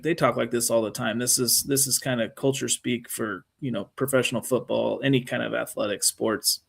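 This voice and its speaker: A man's voice: medium pitch, creaky. A man co-hosting a casual sports talk show, rambling through his points with many fillers and restarts. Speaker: co-host.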